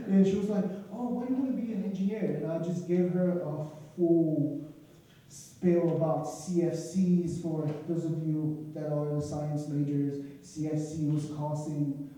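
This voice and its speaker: A young man with an African accent telling his own story to a live audience, animated, laughing often and acting out what people said. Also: fairly high pitch. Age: young adult. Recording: echoey room picked up from a distance.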